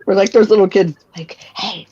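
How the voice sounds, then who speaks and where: A woman's voice: medium pitch, steady tone, moderate pace, dark tone, slightly rough. A woman chatting casually late at night, rambling and giggling, with lots of filler words. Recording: dull lo-fi sound.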